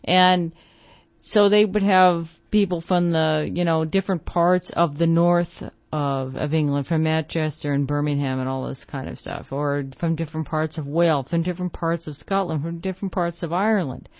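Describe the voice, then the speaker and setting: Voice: mid-range voice, steady tone, normal speed, no echo. Digressive American radio host, dry and dull-sounding. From United States. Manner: digressive, thinks aloud with many asides. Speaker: radio host and record presenter. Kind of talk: on-air radio conversation.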